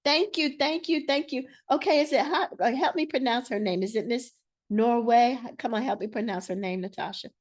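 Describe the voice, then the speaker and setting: A woman hosting a live online money masterclass over a video call, talking in an animated way and stacking up repeated words for emphasis in a preacher-like style. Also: fairly high pitch, moderate pace. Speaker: financial educator hosting a masterclass.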